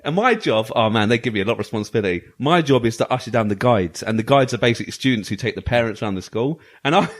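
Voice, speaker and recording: A man co-hosting a retro gaming podcast, telling a long anecdote in lively, laughing casual chat. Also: medium pitch, fast talker, few pauses. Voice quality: animated. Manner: lively storytelling, often laughing. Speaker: podcast co-host.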